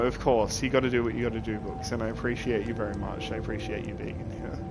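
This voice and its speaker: A man streaming live, chatting casually with his viewers, rambling and laughing often. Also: mid-range voice. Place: at his computer.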